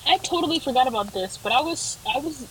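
A woman's voice: sits high, animated, fast talker, fairly bright tone, husky, poor audio. Dramatic young woman, podcast co-host. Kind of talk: casual chat.

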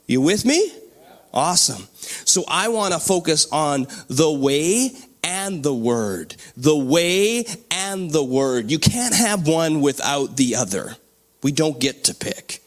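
A man preaching a sermon as pastor, animated and often asking the congregation for responses. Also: on the high side, slow.

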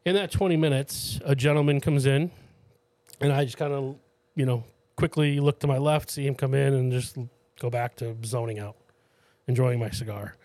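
A man's voice: normal speed, no echo. A man co-hosting a podcast, telling a story in casual chat and acting out the people in it, with casual swearing and many restarts. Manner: animated storyteller, acts out quoted people in a higher voice. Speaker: podcast co-host.

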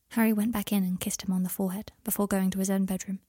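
Husky woman reading a story. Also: mid-range voice, little pitch movement, racing, hardly any pauses, dark tone, no echo, studio quality. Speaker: narrator.

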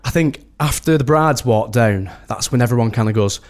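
A man's voice: mid-range voice, moderate pace. A man from the UK, a wedding host, chatting casually as a podcast guest in a rambling way full of restarts. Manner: rambling, many restarts and "do you know what I mean".

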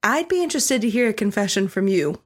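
Woman playing a silver-haired male half-elf, smooth, flirtatious, courteous, mid-pitched. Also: lively intonation, fast.

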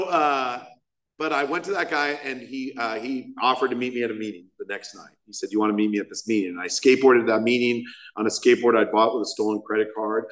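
A man's voice: mid-range voice, fairly bright tone. A man in his thirties sharing his recovery story from a podium, rambling and self-mocking, with lots of fillers. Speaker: recovery meeting speaker. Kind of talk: personal story at a recovery meeting. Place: meeting hall. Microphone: podium microphone.

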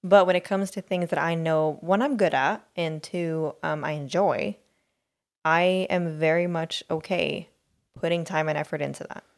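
A woman's voice: low-pitched, fairly even intonation, normal speed, creaky. A woman co-hosting a podcast, talking in a rambling, hesitant way and searching for her words. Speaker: podcast co-host. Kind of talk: casual chat.

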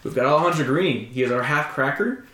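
A young man hosting a podcast, chatting casually in a loud, joking way and laughing often. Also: medium pitch, lively intonation, fast. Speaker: podcast host. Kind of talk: casual chat. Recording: echoey room, faint background noise.

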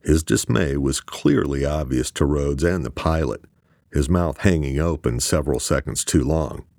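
A man narrating an audiobook in an expressive, crude, scripted style. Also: extremely low pitch, normal speed, gravelly, no echo, studio quality.

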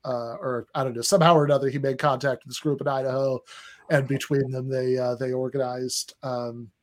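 A man co-hosting a casual podcast, telling long stories in a rambling, hesitant way with many pauses. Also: mid-range voice, fairly even intonation. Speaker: podcast co-host.

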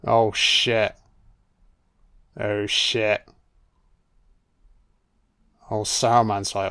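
A man's voice: medium pitch, slow, long pauses, clear, resonant tone. A man giving a casual, jokey, sweary film commentary. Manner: laid-back, sweary, jokey.

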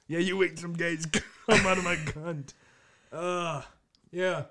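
A man's voice: a little high, steady tone, slow pace, pauses often, sharp tone. A man on a podcast trading crude jokes in casual banter and giggling often.

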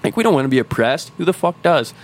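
This podcast co-host has a fairly high-pitched voice that swings widely in pitch and moves fast. Chatting casually, he rambles through a game's lore at length with plenty of swearing and restarts.

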